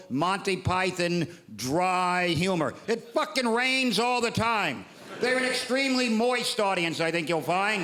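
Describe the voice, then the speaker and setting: A middle-aged American man doing stand-up comedy with sardonic, deadpan put-downs and sudden shouted bursts. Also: sits high. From United States. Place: theatre stage before a laughing audience. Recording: echoey live venue, loud audience noise.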